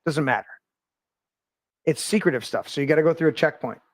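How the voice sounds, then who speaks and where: A man hosting a casual conversation, telling animated stories and swearing freely. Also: fairly high pitch, brisk, dry recording, studio quality. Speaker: podcast host.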